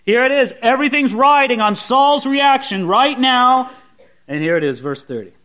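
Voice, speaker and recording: High, lively male preacher. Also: normal speed. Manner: asks the listeners frequent rhetorical questions. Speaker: pastor. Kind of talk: expository Bible sermon.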